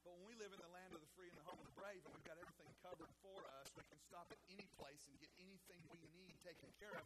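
A male pastor preaching a sermon in church, folksy and impassioned, repeating himself and building to loud shouted peaks. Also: high voice, very fast. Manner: folksy, talks straight to the congregation. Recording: loud background noise and clicks.

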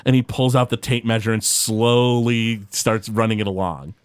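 A man's voice: fairly low pitch, normal speed, clean tone, dry recording, clean studio sound. Man narrating a tabletop game. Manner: relaxed, hesitant with fillers. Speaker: game master.

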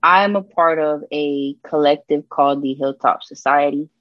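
A woman from Puerto Rico, a gospel rapper sharing her testimony as an interview guest, telling stories in lively slang and acting out the people she quotes. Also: deep voice, moderate pace, no echo, highs cut off. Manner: animated storytelling with slang and voiced quotes. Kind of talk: candid conversational testimony.

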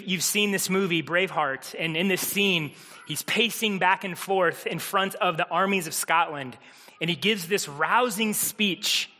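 Male pastor, high voice, energetic sermon delivery with repetition, church hall reverb. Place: church sanctuary.

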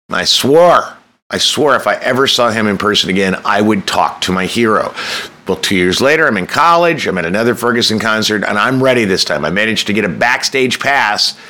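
A man's voice: mid-range voice, sharp tone. A man telling a candid, self-mocking personal story, swearing freely and breaking into sudden emphatic bursts.

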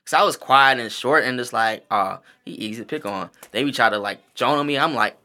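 A man from the American South telling stories on a podcast, profane and animated, acting out his own reactions. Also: mid-range voice, brisk. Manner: profane, animated storytelling, calls himself introverted. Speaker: podcast host, stage host and performer. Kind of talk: casual podcast storytelling.

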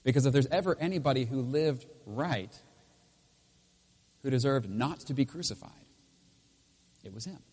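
A man preaching a sermon as pastor in a church, swinging between loud emphatic lines and quiet intense ones. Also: medium pitch, expressive, moderate pace, pauses often, husky. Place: church with speakers.

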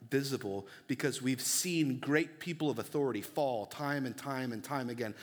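A young pastor with a mid-range voice preaches a sermon in an earnest, conversational manner, dropping casual fillers between his points.

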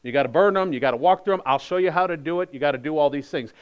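A smug, pushy preacher of rules who nags in a falsely friendly, insistent tone, put on by a man during a sermon. His voice sits a little high. He keeps pressing his listener in a wheedling way. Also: very fast, smooth, lo-fi sound, close to an everyday voice. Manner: mock-friendly, insistent nagging.

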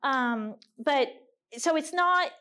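A woman's voice: high-pitched, expressive, takes it slowly, sharp tone. A middle-aged woman giving a candid, earnest talk to a women's gathering, mixing personal stories with scripture readings. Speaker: women's ministry speaker. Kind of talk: conversational sermon with scripture reading.

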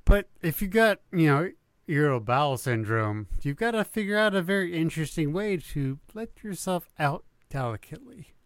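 A man co-hosting a podcast in casual chat, laughing often and trying quick impressions. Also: a little high, expressive, dry recording. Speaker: podcast co-host.

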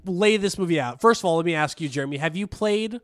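A man with a high voice hosts a loose podcast, rambling and joking through his segments with frequent restarts. His talk is casual banter. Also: lively intonation, quick pace, no room sound, studio quality. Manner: rambling, restarts and jokey asides. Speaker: podcast co-host.

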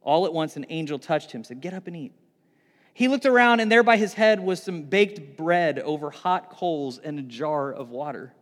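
A man preaching a sermon, retelling a scripture story with animated, excited delivery and frequent restarts. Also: on the high side, moderate pace, few pauses, long reverb tail. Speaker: pastor.

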